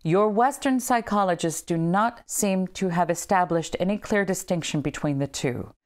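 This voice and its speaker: A woman with a lowish voice leads a book study group at normal speed, reading a text aloud with emphatic, dramatic delivery. Between passages she drops casual asides.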